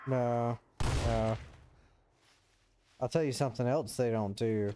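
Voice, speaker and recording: A man's voice: medium pitch, fairly even intonation, slow pace, noisy background. A man chatting while gaming over voice chat, answering with dry, joking comebacks.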